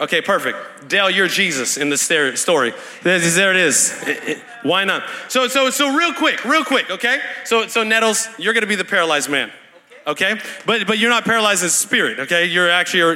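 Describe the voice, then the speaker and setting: A young man preaching an energetic Pentecostal sermon with call-and-response, fast and excited, repeating words and shouting to the crowd in a large church hall. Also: very high voice. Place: large church hall at a live worship night. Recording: long hall reverb from a live event.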